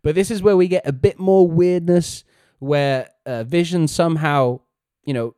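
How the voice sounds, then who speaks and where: A man's voice: on the high side, moderate pace, warm tone, clean tone, no echo, clean studio sound. A man co-hosting a casual podcast, recapping a TV episode and acting out characters' lines with animation. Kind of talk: casual chat.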